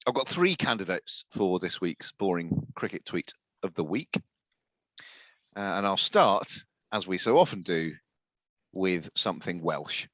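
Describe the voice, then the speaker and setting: A low, fairly bright male voice with no room sound belongs to a podcast co-host in casual chat. Dry and sardonic, he chuckles as he reads tweets aloud, and the recording sounds dull and muffled.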